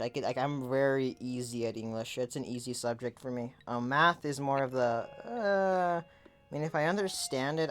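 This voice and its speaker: A woman co-hosting a podcast, telling a story in casual chat with lively, profane delivery that swings from loud to quiet. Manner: animated, profane storytelling, shifting from loud to low. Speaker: podcast co-host.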